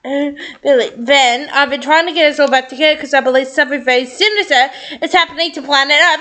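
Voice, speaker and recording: A woman's voice: high voice, fairly quick, bright, forceful tone. Gushing, teary woman. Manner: gushing and tearful, laughing often. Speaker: fan reading and reacting to a script. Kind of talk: excited reaction vlog, reading a script aloud.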